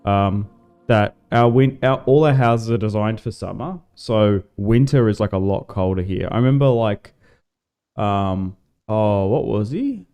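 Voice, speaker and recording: An Australian man casually commentating a strategy game on a livestream, relaxed and chatty, swearing now and then. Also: fairly low pitch, a little slow, clear, resonant tone. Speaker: gaming livestreamer.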